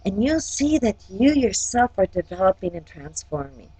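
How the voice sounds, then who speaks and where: With a very animated, mellow, husky medium-pitched voice, a woman gives a chatty horoscope forecast at a moderate pace. An astrology forecaster and life coach, she addresses each sign directly and keeps asking "okay?"; the recording is low quality with no room sound.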